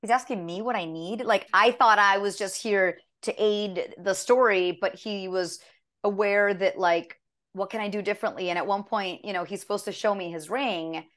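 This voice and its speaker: A woman voice actress chatting casually in an interview, telling stories with lively acted quotes. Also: medium pitch, moderate pace. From half American. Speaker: voice actress guest.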